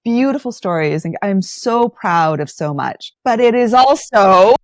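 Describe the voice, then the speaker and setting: Animated woman guest telling stories. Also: medium pitch, unhurried, no echo, clean studio sound. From Lebanon. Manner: animated storyteller, acts out quotes. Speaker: actor and playwright guest. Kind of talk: podcast interview.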